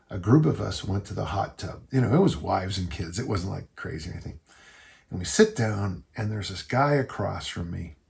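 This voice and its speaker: Older male podcast host, low gravelly voice, casual folksy coach who rambles warmly. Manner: rambling, folksy storytelling with restarts. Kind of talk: casual listener Q&A chat.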